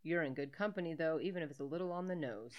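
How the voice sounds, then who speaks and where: A woman's voice: low voice, fast talker, lo-fi sound. A woman co-hosting a casual podcast, reading a quiz aloud in a playful way, swearing freely and laughing often. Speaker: podcast co-host.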